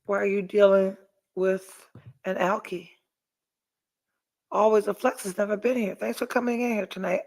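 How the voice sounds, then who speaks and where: A woman's voice: medium pitch, fairly even intonation, normal speed, gravelly, long pauses, darkish tone. A middle-aged woman hosting a podcast, telling a story in casual chat and reading viewer comments, blunt and profane. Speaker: podcast host.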